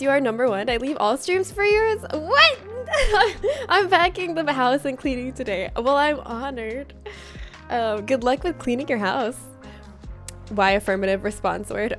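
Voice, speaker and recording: A woman's voice: high voice, lively intonation, measured pace, faint music behind. A woman hosting a casual livestream from a room at home, reading out viewer comments in a playful, teasing way and laughing often. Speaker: livestream host.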